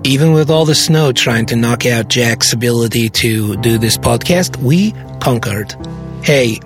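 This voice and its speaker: A man co-hosting a podcast in casual chat, giggly and animated, laughing often. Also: medium pitch, measured pace, music in the background. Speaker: podcast co-host.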